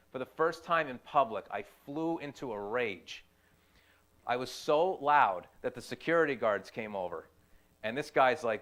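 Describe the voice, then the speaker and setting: A young man gives a personal testimony at a middling pitch. He speaks earnestly and haltingly, often repeating a phrase before going on. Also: a bit bright. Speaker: youth ministry volunteer.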